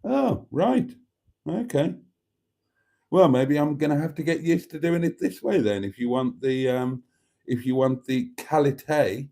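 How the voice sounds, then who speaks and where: Live stream host, male, camp and self-mocking, warm mellow tone, very lively pitch, phone mic. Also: a little slow, creaky, long pauses. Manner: theatrical, self-mocking, calls viewers darlings. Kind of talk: casual live stream chat reading viewer comments. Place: at a table indoors. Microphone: phone camera.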